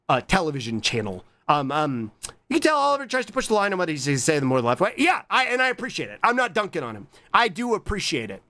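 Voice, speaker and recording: A man's voice: a little high, bright, forceful tone. An American man streaming, chatting casually with lots of swearing and rambling, humming filler sounds between thoughts. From USA.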